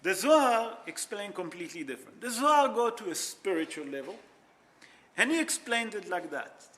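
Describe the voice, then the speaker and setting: Rabbi guy teaching, high voice, super animated. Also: moderate pace. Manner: animated, mixes Hebrew and Yiddish terms, non-native grammar. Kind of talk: informal Torah class storytelling.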